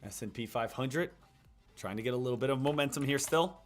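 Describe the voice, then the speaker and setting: Soft music plays behind a brisk, medium-pitched man running a day-trading livestream. He offers live market commentary and coaching, hyping viewers up in an upbeat, repetitive way.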